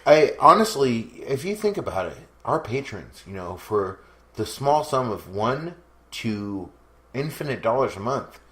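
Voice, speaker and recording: A man's voice: medium pitch, very animated, a little slow, fairly bright tone. A man co-hosting a podcast in casual chat, telling crude jokes and laughing often. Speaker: podcast co-host.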